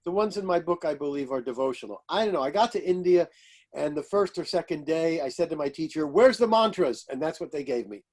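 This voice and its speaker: Older male astrologer spinning animated anecdotes, mimics voices, laughs often. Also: fairly high pitch, a little fast. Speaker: astrologer and author. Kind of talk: storytelling interview.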